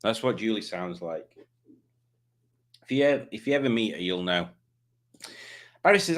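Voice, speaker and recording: A man's voice: on the low side, lively intonation, normal speed, pauses often. A man, hosting a live stream, chatting casually and joking as he reads out viewers' comments. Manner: chatty, jokey, does silly voices for commenters.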